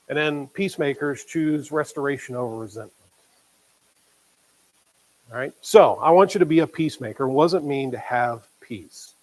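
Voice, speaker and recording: Conversational preacher man, slightly high voice. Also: moderate pace, low-quality recording. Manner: conversational preaching, acts out quoted voices, drops to quiet emphasis. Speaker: pastor. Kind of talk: sermon.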